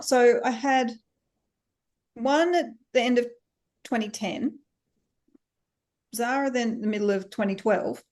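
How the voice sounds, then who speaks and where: A company founder in her thirties, with an Australian accent and a voice on the high side, gives a candid interview. She's animated and laughs often while acting out other people's voices.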